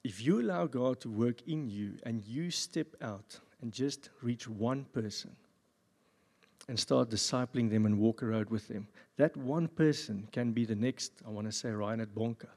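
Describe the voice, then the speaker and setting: A man pastor giving a sermon at a church service, with jokey, animated asides. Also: mid-range voice, measured pace, husky. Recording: long reverb of a church hall.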